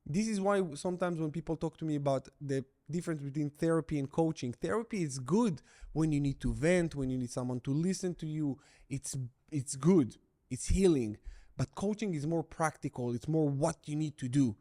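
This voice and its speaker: A middle-aged man speaking straight to the camera as a breakup recovery coach. His voice sits a little higher than most men's. He talks bluntly and with emphasis, hammering key phrases over and over. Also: moderate pace, dark tone. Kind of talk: direct-to-camera coaching talk.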